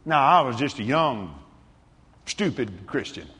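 Preacher in a big echoing hall. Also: male voice, medium pitch, very animated, a little slow, husky. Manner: swings from hushed to exuberant shouting. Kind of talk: sermon. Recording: reverberant hall, faint ambience.

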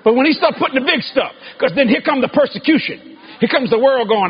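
Male preacher, very high voice, emphatic sermon, dull lo-fi sound with faint hiss. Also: lively intonation, brisk, slightly rough. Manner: emphatic, shouting at peaks. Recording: dull lo-fi recording with faint noise.

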